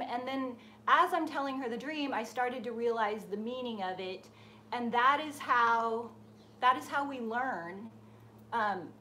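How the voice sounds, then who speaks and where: A woman hosting a live stream for her design group, telling a personal story in a casual, animated way. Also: high-pitched, a little hiss or hum. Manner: animated storyteller, acts out voices in her anecdotes. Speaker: host of a painting and design group. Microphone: live stream setup.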